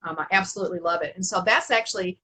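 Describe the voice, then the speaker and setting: Bright, husky-voiced middle-aged woman. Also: lowish voice, very fast, rough recording. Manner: animated, laughs often, many restarts and fillers. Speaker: author, interview guest. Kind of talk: casual storytelling in an interview.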